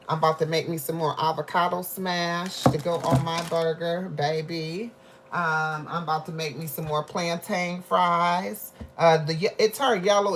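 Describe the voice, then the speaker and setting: A woman with a low voice chats to her viewers while she cooks in her home kitchen, calling them "baby" and "y'all". She talks loosely and personally as she moves around the room. A faint hiss sits under the recording. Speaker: livestream host. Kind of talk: casual live cooking chat.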